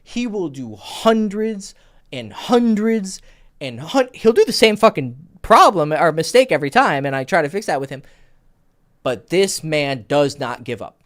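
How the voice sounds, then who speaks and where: A man's voice: fairly high pitch, measured pace. A man hosting a dating advice Q&A as a coach, talking casually with lots of swearing and acted-out dialogue. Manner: animated, profane, acts out quoted dialogue.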